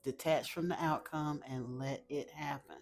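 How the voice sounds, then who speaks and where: A woman's voice: low voice, fairly even intonation, unhurried, gravelly. Emphatic woman giving a tarot reading. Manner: emphatic, repeats phrases, gets teary, talks to viewers as y'all. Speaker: tarot reader. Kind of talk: spiritual card reading.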